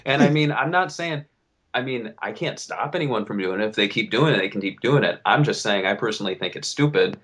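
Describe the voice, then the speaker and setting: A young man co-hosting a casual podcast, venting and riffing in an animated way, swearing freely. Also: lowish voice, brisk. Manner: animated, swearing, riffs and vents. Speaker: podcast co-host.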